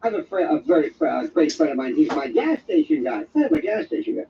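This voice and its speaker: A man's voice: on the high side, huge pitch swings, fast talker, gravelly. An older man hosting a live show, delivering a digressive, wisecracking monologue in a sardonic tone. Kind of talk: rambling live-stream monologue. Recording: dull, distant stream audio with faint noise.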